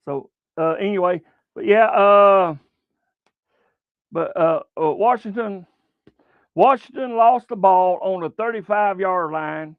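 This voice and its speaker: A rambling, folksy man with a Southern American accent chats through a sports livestream, his voice sitting a little high. The sound is thin and phone-like, and the room is very dry. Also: measured pace, dry recording. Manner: rambling, folksy, many fillers. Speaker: sports show host. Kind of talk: casual livestream chat. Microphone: webcam livestream setup.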